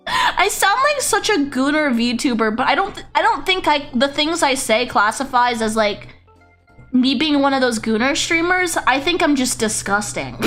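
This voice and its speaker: In a high-pitched, fairly bright voice, a woman chats with her viewers on a live VTuber stream, reading their messages aloud. The mood is giggly and chaotic, with plenty of self-mockery.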